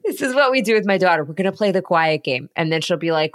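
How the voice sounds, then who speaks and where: A woman in her thirties co-hosting a conversational news podcast, playful and quick to laugh, sounding tired and close to getting sick. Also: sits low. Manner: playful and laughing, light delivery.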